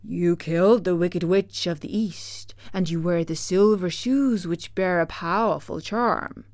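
A woman reading an audiobook voices Oz, a stern, commanding wizard ruler who speaks slowly and weightily. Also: on the low side, a little mellow, no room sound, clean studio sound, lightly acted. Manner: stern, demanding, slow and weighty.

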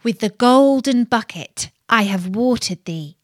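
A woman reading the lines of a young gardener boy who passes as a prince, speaking gently and earnestly. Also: on the high side, lively intonation, measured pace, no room sound, studio quality. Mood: incanting.

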